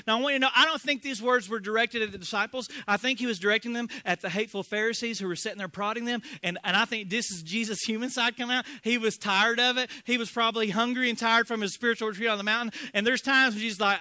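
A man's voice: high voice, steady tone, quick pace, few pauses, sharp tone, no room sound. A pastor in his thirties preaching a sermon, impassioned and acting out the voices of the people in the story. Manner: impassioned, acts out quoted voices.

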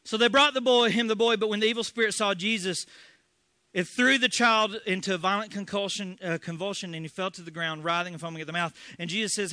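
A man's voice: high voice, fairly even intonation, quick pace, sharp tone, no echo. A pastor in his thirties preaching a sermon, impassioned and acting out the voices of the people in the story. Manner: impassioned, acts out quoted voices.

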